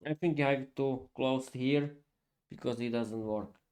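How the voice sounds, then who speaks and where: Slow-talking man. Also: medium pitch, fairly even intonation, darkish tone. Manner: halting, laughs often, restarts sentences. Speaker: English teacher and podcast host. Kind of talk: casual live-stream lesson.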